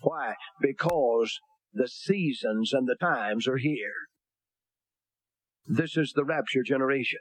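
A man's voice: mid-range voice, slow, long pauses, no echo. A male pastor preaching a sermon, blunt and folksy, with homespun humor between King James scripture readings. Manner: reads scripture aloud in King James wording.

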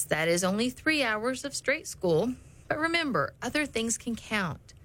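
Calm reassuring middle-aged woman. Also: medium pitch, low-quality recording. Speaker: homeschooling mother. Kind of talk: scripted advice talk.

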